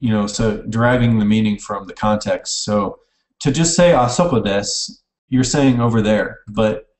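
A man's voice: on the low side, moderate pace, darkish tone. Man teaching casually in an echoey room. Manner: casual, self-correcting, types while explaining. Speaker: online language teacher. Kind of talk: informal recorded lecture. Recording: echoey room, mic at a distance.

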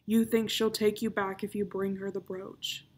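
A woman's voice: mid-range voice, flat delivery, moderate pace, slightly rough, close to an everyday voice. A woman reading aloud, voicing a loyal male pirate crewman who asks his captain hesitant, worried questions.

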